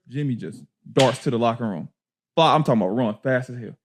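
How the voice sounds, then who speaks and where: A man casually telling a story on a podcast, slangy and animated, often laughing. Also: medium pitch, quick pace, slight background noise. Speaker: podcast guest, former player.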